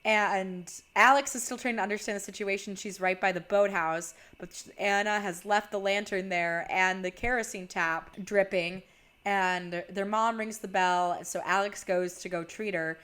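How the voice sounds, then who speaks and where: A woman's voice: medium pitch, fairly even intonation, moderate pace, a bit bright. A young woman casually retelling a horror movie's plot, chatty and full of "like". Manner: chatty, heavy use of "like". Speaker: video creator.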